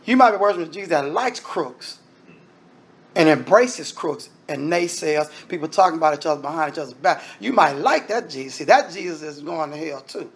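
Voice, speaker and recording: A man's voice: a little high, lively intonation, fairly quick, breathy edge. A man preaching a sermon in an emphatic, conversational style, speaking straight to the congregation.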